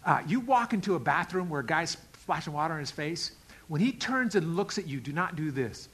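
Middle-aged male pastor, bright, slightly high voice, animated storyteller acting out scenes in his sermon. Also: fairly quick, breathy edge, poor audio. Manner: animated, acts out dialogue with big swings in loudness.

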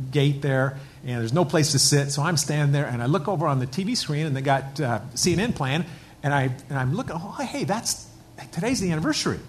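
A pastor from the United States preaching a sermon, telling a story and building to emphatic, rising lines. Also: male voice, mid-range voice, a little hiss or hum.

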